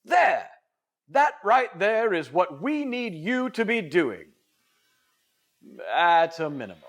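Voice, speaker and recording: A man's voice: high-pitched, very animated, takes it slowly. Theatrical man in a put-on English accent. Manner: theatrical, playful and emphatic. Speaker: training video narrator. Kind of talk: scripted training narration.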